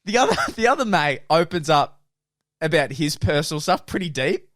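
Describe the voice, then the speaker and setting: Podcast co-host man, fairly high and very expressive, casual storytelling that keeps breaking into laughs, dry booth sound. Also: moderate pace, no room sound. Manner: animated, laughs through his own story; acts out friends' lines in lowered quoted voices.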